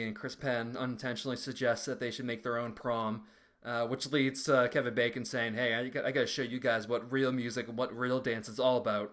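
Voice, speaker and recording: A man's voice: mid-range voice, fairly bright tone. A man recapping a film in casual, crude podcast chat, joking and mimicking characters. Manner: crude, joking recap with mocking quoted voices. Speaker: podcast co-host.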